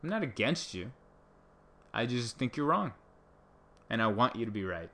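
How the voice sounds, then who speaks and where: Male comic, mid-pitched, riffs sarcastically in a loose, rambling vlog monologue. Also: big pitch swings, normal speed, fairly bright tone. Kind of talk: casual comedic monologue to camera.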